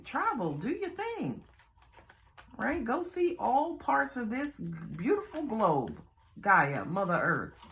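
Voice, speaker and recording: A woman with a Southern US accent giving a casual tarot reading, blunt, animated and full of cursing. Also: on the low side, slight background noise. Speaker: tarot reader.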